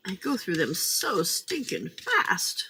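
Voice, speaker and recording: A woman's voice: mid-range voice, very animated, slow, noisy background. A woman hosting a late-night crafting livestream, chatting casually, laughing often and muttering to herself as she works. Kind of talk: casual chat while crafting.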